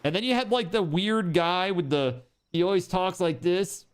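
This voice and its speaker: A man's voice: sits high, moderate pace, clear, resonant tone. A man streaming live, chatting casually, rambling and joking, with swearing.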